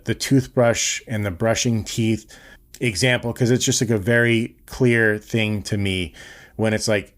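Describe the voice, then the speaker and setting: A young man hosting a podcast, giving blunt, earnest advice in a casual monologue and swearing freely. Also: fairly low pitch. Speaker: podcast host.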